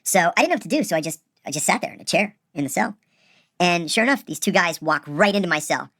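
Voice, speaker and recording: A man casually telling a personal story, animated and acting out the people he quotes. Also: high voice, fast, no echo, clean studio sound. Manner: animated, acts out quoted voices.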